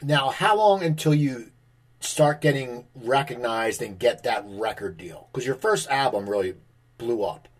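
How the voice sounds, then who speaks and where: Man, interview host, from New York area, husky voice, chatty questions. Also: mid-range voice, lively intonation, unhurried. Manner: chatty, talks around his questions.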